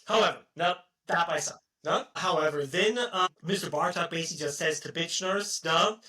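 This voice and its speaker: A man's voice: on the high side, normal speed, sharp tone. A man co-hosting a podcast, retelling a film in a rambling, profane way and ending his phrases with a questioning "no?". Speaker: podcast co-host. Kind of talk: casual chat retelling a film. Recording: voice distant from the mic.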